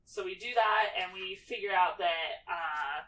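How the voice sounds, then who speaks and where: In a lowish, somewhat bright voice and at a slightly slow pace, a young podcast co-host gives a casual, breezy film recap. She occasionally swears and performs the characters' parts, recorded on a distant mic with faint background noise.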